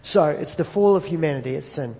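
A man preaching a sermon in a relaxed, conversational way, often restarting words as he goes. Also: fairly high pitch, brisk, creaky, in a large hall. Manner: conversational, self-correcting preacher. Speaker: pastor.

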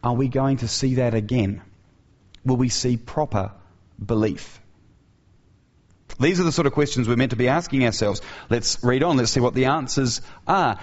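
A man's voice: mid-range voice, moderate pace. A man preaching an earnest sermon who asks his listeners rhetorical questions, in a dull, lo-fi recording.

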